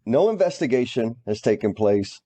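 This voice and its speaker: A man's voice: mid-range voice, very animated, normal speed, dark tone. A man co-hosting a podcast, talking casually and reflectively. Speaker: podcast co-host. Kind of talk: casual chat.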